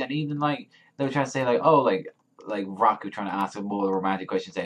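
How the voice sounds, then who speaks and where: A man reviewing a manga chapter in a rambling, excitable rant full of swearing and fillers. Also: medium pitch, quick pace.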